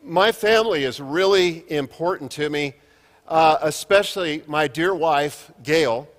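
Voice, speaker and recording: A man's voice: fairly high pitch, a little slow, long reverb tail. Man in his fifties, storytelling keynote. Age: 50s. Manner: jokey storytelling with self-deprecating humor. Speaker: keynote speaker. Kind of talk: conference keynote. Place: conference hall.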